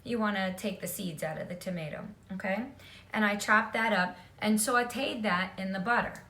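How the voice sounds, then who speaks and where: A woman's voice: mid-range voice, normal speed, pushed and bright, reverberant. A woman giving a casual cooking demonstration in her home kitchen, chatty and often checking in with "okay?". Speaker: home cook.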